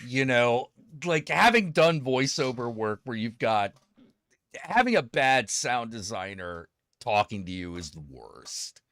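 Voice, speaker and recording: A man co-hosting a casual comedy chat, animated, swearing and laughing often. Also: mid-range voice, unhurried, no echo, studio quality. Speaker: podcast co-host.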